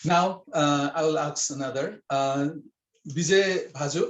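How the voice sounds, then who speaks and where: A man's voice: fairly high pitch, normal speed, roomy sound. A man teaching a language class, patiently explaining and checking in with his students. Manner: patient, repeats and checks with "okay?". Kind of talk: online language lesson.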